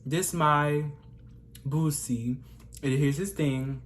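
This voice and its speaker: A man's voice: fairly high pitch, steady tone, takes it slowly, heavy background noise. A young man telling a casual storytime vlog in a chatty, gossipy way, often calling the listener "girl". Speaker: vlogger.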